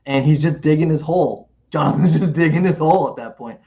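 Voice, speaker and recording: A man's voice: on the high side, fast talker. Man co-hosting, muffled lo-fi sound. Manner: animated, restarts and repeats himself. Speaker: podcast co-host. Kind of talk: casual chat. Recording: muffled lo-fi recording.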